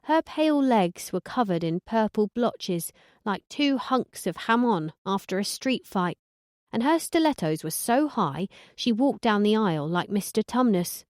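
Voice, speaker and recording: A woman narrating an audiobook in the first person, sardonic and deadpan. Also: medium pitch, unhurried, no room sound, clean studio sound.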